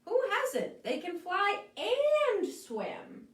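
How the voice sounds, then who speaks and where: A woman voicing an excitable little black bird, talking fast and exasperated, for a storybook read-aloud. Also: very high voice, pitched above the performer's own voice, exaggerated voice. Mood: eager. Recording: echoey room, mic at a distance.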